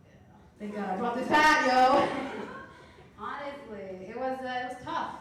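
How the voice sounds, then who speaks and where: Woman in her thirties, stand-up comedian, deadpan dark storytelling, slightly high voice, echoey club from a distance. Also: normal speed, a little hiss or hum. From Canada. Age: 30s.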